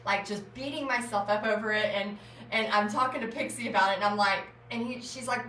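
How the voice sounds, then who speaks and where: A woman's voice: medium pitch, a little fast, recorded from a distance, slight background noise. A woman, chatting animatedly as she tells a story while painting. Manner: chatty, animated, retells scenes with rising exclaiming voice. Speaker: art vlogger and former teacher. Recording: echoey room, voice a bit off-mic.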